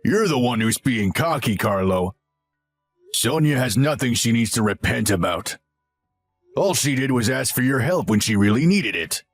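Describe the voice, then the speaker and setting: A man voicing a stern older father who calmly and firmly reproaches his son. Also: mid-range voice, soft background music, lightly acted. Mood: reproachful. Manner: firm, measured and reproachful.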